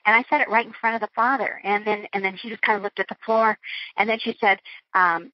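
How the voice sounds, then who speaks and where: A woman's voice: medium pitch, steady tone, fast talker, dry recording, lo-fi sound. A woman being interviewed, recounting a personal ordeal in an earnest, flowing way with frequent restarts. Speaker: interview guest.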